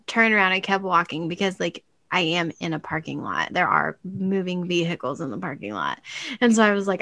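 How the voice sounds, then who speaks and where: A young woman telling a story in casual chat, animated and swearing, laughing often. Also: mid-range voice, no echo.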